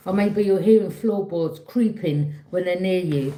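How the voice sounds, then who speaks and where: A woman giving a casual, chatty tarot reading, often checking in with a quick "yeah?". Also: lowish voice, mellow. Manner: chatty, repeats herself, frequent "yeah?" check-ins. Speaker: tarot reader. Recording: roomy echo.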